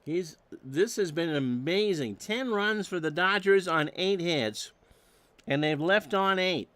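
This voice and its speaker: A man doing solo play-by-play of a simulated old baseball game, reading stats with dry jokes and getting loud on big plays. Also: high-pitched, slow. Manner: dry joking asides between stats, erupts on big plays. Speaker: play-by-play announcer.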